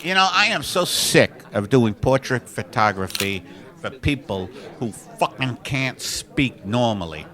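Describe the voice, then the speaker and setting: A man's voice: mid-range voice, animated, a little slow, bright, forceful tone. A man playing an exasperated, foul-mouthed male portrait photographer in an improvised sketch. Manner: exasperated, cursing, bossy.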